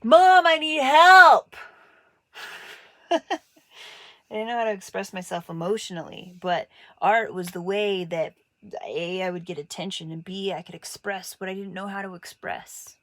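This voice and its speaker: A woman from Montana telling personal stories about growing up, in a casual, candid way. She throws her voice up high when she quotes teachers and family, making the stories animated. The room sounds dry, with no echo. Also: moderate pace. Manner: animated, acts out quoted voices with big pitch jumps. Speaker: artist telling her life story.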